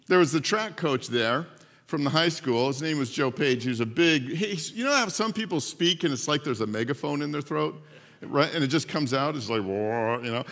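A man preaching to his congregation, his fairly high voice carrying long reverb through the hall. He tells stories with energy and slips into the voices of the people in them. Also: brisk. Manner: storytelling, animated, acts out voices. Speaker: pastor. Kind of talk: sermon.

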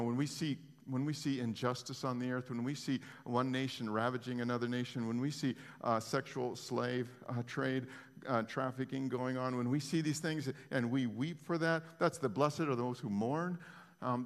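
A man preaching an impassioned sermon as pastor, dropping to a hush and then rising again, often restarting his phrases. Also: medium pitch, long reverb tail. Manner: impassioned, swinging between hushed and raised, frequent restarts.

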